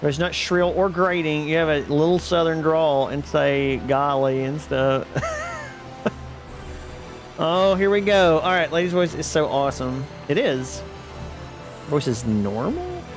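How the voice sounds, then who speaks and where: Over background music, a man streams his gameplay and talks loosely with his audience, wandering from topic to topic, laughing frequently, and making jokes at his own expense. His voice leans high, with lively intonation and a slightly slow pace.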